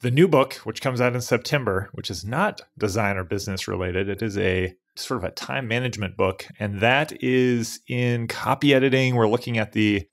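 A man co-hosting a podcast, talking in a relaxed, thoughtful, casual way. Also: mid-range voice, normal speed, few pauses. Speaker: podcast co-host.

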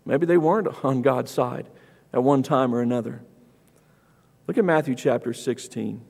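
A man preaching a sermon in a church, reading scripture aloud and acting out the quoted speakers with rising, lively emphasis. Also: moderate pace, vocal fry. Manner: animated, acts out scripture quotes with raised pitch. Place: church auditorium. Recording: long church hall reverb.

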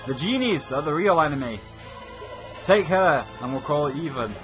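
A man's voice: on the high side, animated, normal speed, music in the background, natural voice. A man voicing a scheming female pirate captain with a sly, smug delivery, reading game dialogue.

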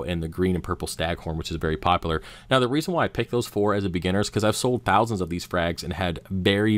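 A man's voice: low-pitched, no room sound. A man hosting a hobby channel, casually explaining aquarium care to camera and correcting himself with frequent fillers. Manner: relaxed, self-correcting, frequent "uh" and "um". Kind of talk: casual how-to talk to camera.

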